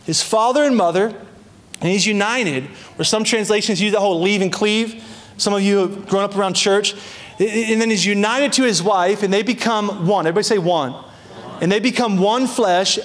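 High-voiced pastor preaching with emphasis. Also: male voice, fairly bright tone. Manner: emphatic, slows down on key phrases and repeats words; acts out voices in quoted prayers and asides. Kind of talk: sermon.

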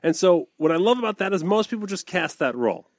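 A man's voice: sits high, very animated, quick pace. A man co-hosting a podcast in casual comedic chat, telling rambling stories and acting out quotes. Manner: rambling storyteller, acts out quotes, fillers. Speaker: podcast co-host.

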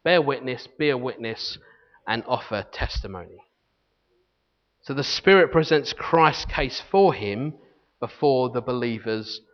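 Male pastor, mid-pitched, earnest sermon delivery, lo-fi recording with a long reverb tail. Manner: earnest teaching, reads scripture aloud, frequent restarts. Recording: long hall reverb, dull lo-fi sound.

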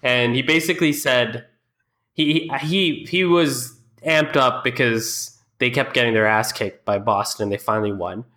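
A man co-hosts a basketball podcast with a bright, forward tone. He agrees easily and drops in quick "yeah, yeah" replies, then steers the chat to the next topic. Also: mid-range voice. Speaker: podcast co-host. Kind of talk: casual sports chat.

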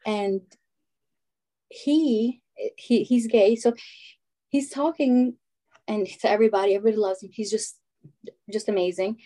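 A woman in her thirties telling stories in casual conversation, animated and acting out what others said. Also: mid-range voice, unhurried, long pauses. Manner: animated storyteller, acts out quotes.

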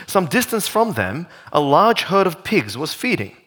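A man preaching a sermon, his voice riding high and swooping up and down as he builds each point. He speaks with animated energy and stacks up rhetorical questions, like a pastor addressing his congregation. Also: a little slow, slightly rough.

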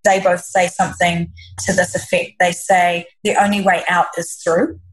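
A woman with a slightly low, husky voice talks earnestly as a podcast guest. She is a leadership coach and answers reflectively, often circling back and restarting her sentences. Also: flat delivery, moderate pace, poor audio. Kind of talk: conversational interview answers.

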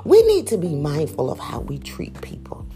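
A woman giving a preachy motivational talk, emphatic and full of rhetorical questions, swinging from loud high exclamations to low quiet asides. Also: huge pitch swings, normal speed, whispered, faint music behind. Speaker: motivational speaker.

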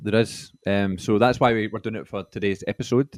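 A man hosting a podcast in a relaxed chat, steering the conversation. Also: lowish voice, brisk, dry recording, clean studio sound. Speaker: podcast host. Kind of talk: casual chat.

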